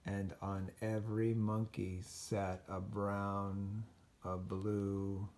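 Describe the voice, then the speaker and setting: A man reading a children's picture book aloud as a storyteller, slow and expressive. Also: on the low side.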